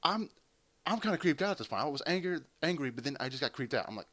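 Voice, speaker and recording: A man's voice: fairly high pitch, fast. A man casually telling a long, rambling story full of swearing while playing a game. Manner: rambling, profane, animated storyteller. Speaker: gameplay commentator. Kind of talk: casual storytelling over gameplay.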